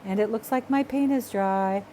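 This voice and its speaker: A woman's voice: medium pitch, moderate pace, a little hiss or hum. Chatty woman teaching an art project. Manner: chatty, self-talking, apologetic and excitable. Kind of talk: casual craft tutorial.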